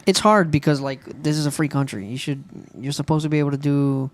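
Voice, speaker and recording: A man's voice: fairly high pitch, fairly even intonation, brisk. A man co-hosting a podcast in casual chat, joking and swearing often. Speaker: podcast co-host. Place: home studio in Florida.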